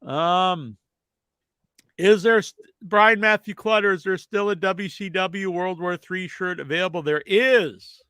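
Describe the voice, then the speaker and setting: Stuffed up guy hosting a podcast, kinda high voice, rambly, dry close sound. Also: measured pace, sharp tone, clear, resonant tone, no room sound. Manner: rambling, filler-heavy answers to viewer questions. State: stuffed up nose. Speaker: podcast host. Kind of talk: casual live-stream chat.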